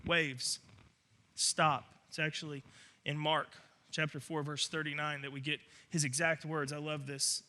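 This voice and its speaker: A man's voice: on the high side, little pitch movement, a little slow, bright, forceful tone. A man preaching a sermon as pastor, earnest and emphatic, often doubling his words as he restarts.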